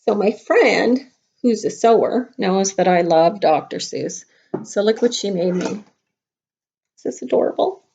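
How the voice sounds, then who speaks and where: A middle-aged woman teaches young children a craft, chatty and playful, talking right to them. Her voice has a strong gravelly fry. The sound is dull and lo-fi, like a home video. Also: mid-range voice, unhurried, mellow, slight background noise. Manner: chatty, playful, talks straight to kids. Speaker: kindergarten teacher.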